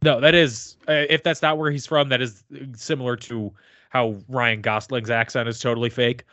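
Man, podcast co-host, dry sarcastic recap, bright forceful voice, dry close sound. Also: medium pitch, fairly even intonation, moderate pace, no echo. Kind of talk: casual movie review chat. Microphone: remote podcast mic, no camera.

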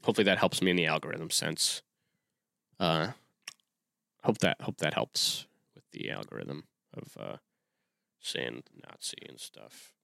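A man's voice: very deep voice, very animated, measured pace, creaky, long pauses, bright, forceful tone, dry recording, studio quality. A man in his twenties hosting a solo podcast, talking casually in a rambling way with many restarts and fillers. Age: 20s. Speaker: podcast host.

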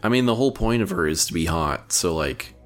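A man co-hosting a podcast with a low voice, talking crudely and casually. He rambles, restarts his sentences and leans on filler words. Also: animated, brisk, soft background music. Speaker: podcast co-host.

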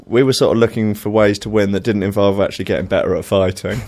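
Laughing man with a low voice. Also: fairly even intonation, fast, a little mellow. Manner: laughs often, rambling anecdotes with many fillers. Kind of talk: casual chat.

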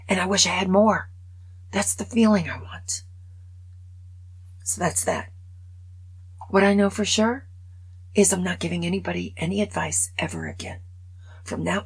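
A woman in her late sixties hosting a podcast, talking in a wry, chatty, self-mocking monologue with a gravelly, husky voice. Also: lowish voice, animated, a little slow, pauses often, rough recording. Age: over 65. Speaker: podcast host. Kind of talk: casual monologue.

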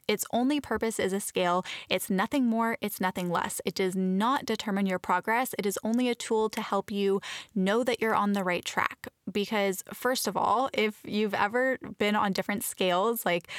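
A woman's voice: medium pitch, dry recording, studio quality. A woman talking casually to camera about fitness, earnest and chatty, often restarting her sentences. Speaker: fitness vlogger. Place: Los Angeles area.

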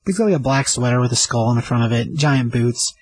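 A man's voice: medium pitch, quick pace, breathy edge, low-quality recording. A man hosting a casual comic book review, retelling the story with enthusiasm and many fillers. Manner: rambling, enthusiastic summary with fillers.

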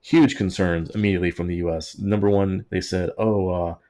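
A man's voice: deep voice, fairly even intonation, fairly quick, mellow. A man hosting a casual history podcast, telling it in a jokey, sarcastic way. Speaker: podcast host.

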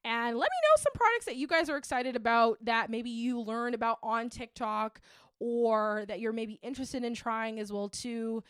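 A woman hosting a show, talking in a chatty, animated way with lots of fillers. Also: fairly high pitch, normal speed, clear, resonant tone, dry recording, clean studio sound. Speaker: host. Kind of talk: casual monologue.

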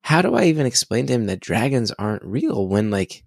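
A man in his thirties chatting casually, animated and excitable, swearing freely as he tells stories. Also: medium pitch, fairly quick, creaky, no room sound, studio quality. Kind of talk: casual conversation.

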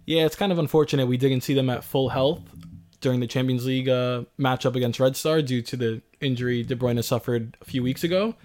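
A man co-hosting a sports podcast in casual chat, speaking in a measured, deliberate way and asking questions. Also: mid-range voice, darkish tone. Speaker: podcast co-host.

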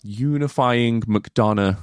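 Sweary, animated young man. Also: medium pitch, takes it slowly, clear, resonant tone, dry recording, studio quality. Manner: sweary, animated, laughs often. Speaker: podcast co-host. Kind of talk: casual film-discussion chat.

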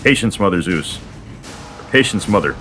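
A man reading the part of Athena, a patient, wise goddess, in a soothing, measured way. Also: sits low, animated, pushed and bright, faint music behind.

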